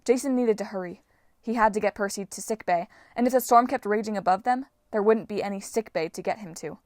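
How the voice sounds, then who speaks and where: A woman narrates a novel aloud in a steady storytelling voice. Her pitch sits in a middle range, and the recording is dry and close with no room echo. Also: a little fast. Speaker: audiobook reader. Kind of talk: fan audiobook narration.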